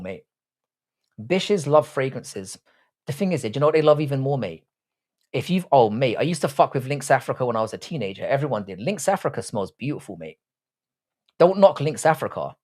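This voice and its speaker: A man hosts a casual livestream and jokes his way through viewers' comments. His voice sits at a middling pitch, and his banter is crude and laddish, full of swearing and teasing. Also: sing-song, brisk, darkish tone. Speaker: livestream host reading chat. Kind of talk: casual live chat.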